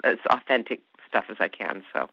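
With a rumbling low voice, a breathy edge and a fairly quick pace, an actress guest gushes through a casual interview and laughs often. She grew up in Canada but learned Hungarian first; the podcast audio is dry and a little dull.

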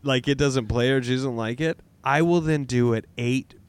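A man's voice: mid-range voice, moderate pace, smooth, dry recording. A man, a comedian guest on a podcast, rambling and self-mocking, often laughing. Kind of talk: casual chat.

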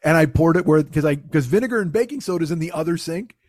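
A man's voice: on the high side, animated, fast, a little mellow, dry recording, clean studio sound. A man casually telling a long, rambling, profane and self-mocking story to his co-host.

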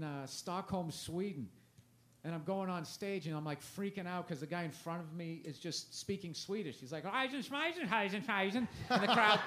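Rambling man, slightly high voice. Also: fairly bright tone. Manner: rambling, self-deprecating, trails off and restarts. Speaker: stand-up comedian guest. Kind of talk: casual interview chat. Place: comedy festival interview.

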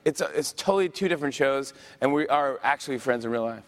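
A man hosting a live audience Q&A, chatty and quick to laugh, often restarting his sentences. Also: medium pitch, animated. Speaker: late-night talk show host answering audience questions. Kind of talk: casual live Q&A on stage.

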